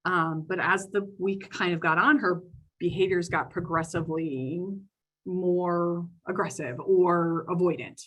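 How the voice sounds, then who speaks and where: Woman, lowish husky voice, training talk, casual storytelling, lots of fillers. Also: steady tone, measured pace, a bit bright. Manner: conversational, frequent fillers like "like" and "you know". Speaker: education administrator giving a training talk.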